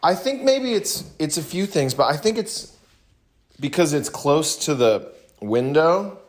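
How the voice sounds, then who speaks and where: A young man from the American South, chatting casually to viewers in a slow, rambling way with many pauses and restarts, in a put-on voice. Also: a little high, big pitch swings. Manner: talking in a put-on different voice today. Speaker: vlogger talking to viewers. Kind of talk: casual rambling livestream chat.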